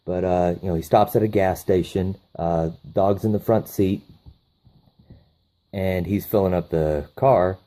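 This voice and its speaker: A man recaps a movie plot in a casual, profane, enthusiastic way. His voice sits on the low side for a man. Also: fairly even intonation, measured pace, dark tone. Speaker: movie reviewer.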